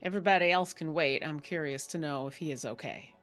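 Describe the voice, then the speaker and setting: A woman with a fairly low voice takes part in a tabletop game session. She talks things through calmly and deliberately. Soft music runs in the background. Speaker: player. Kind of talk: casual tabletop play.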